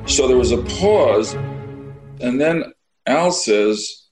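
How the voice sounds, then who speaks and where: A man's voice: mid-range voice, a little slow, rough recording. A man telling an amused, chatty story in an interview, with hesitations. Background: music.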